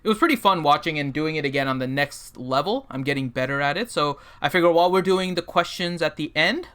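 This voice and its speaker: Bright-voiced joking man hosting a stream. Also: fairly high pitch, smooth. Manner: joking, rambling, with many fillers. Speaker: host of a gaming livestream. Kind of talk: casual livestream chat and game roster review.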